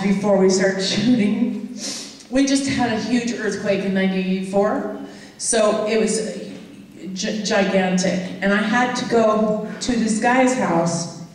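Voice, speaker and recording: Female panel guest, giggly halting anecdote, distant mic, long reverb. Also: mid-range voice. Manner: giggly, hesitant storyteller. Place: large convention hall. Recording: echoey hall recorded from far off.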